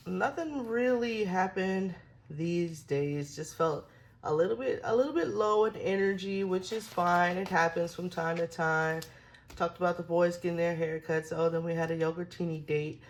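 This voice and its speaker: A young woman chatting through her planner pages, rambling, laughing often and getting emotional. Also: low voice. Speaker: planner vlogger.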